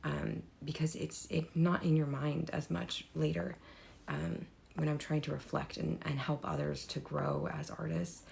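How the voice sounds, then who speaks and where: A woman's voice: low voice, little pitch movement, a little slow, gravelly, a little mellow. A young woman who has nearly lost her voice, talking unscripted to camera as an artist vlogger, rambling with many fillers and slipping into whispers. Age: young adult. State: losing her voice, hoarse.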